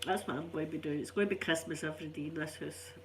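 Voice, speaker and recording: A woman's voice: low voice, steady tone, fast. Brief: older Scottish woman, stuffy cold voice, rambling chatty delivery, faint hum behind. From Scotland. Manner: chatty, rambling, laughs often. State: stuffy, unwell. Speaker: ASMR channel host. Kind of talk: casual chat to viewers.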